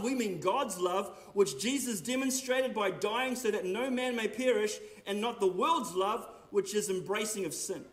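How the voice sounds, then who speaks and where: A man with a high, light voice delivers a sermon. He preaches earnestly and with emphasis. He drives his points home with rhetorical questions.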